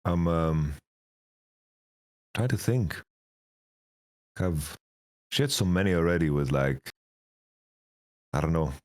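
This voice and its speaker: A man in his thirties, a guest telling profane, rambling stories in a casual interview, his voice getting raspy. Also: sits low, slow pace, long pauses, darkish tone. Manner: rambling, profane, laughing storyteller. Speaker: esports coach, interview guest.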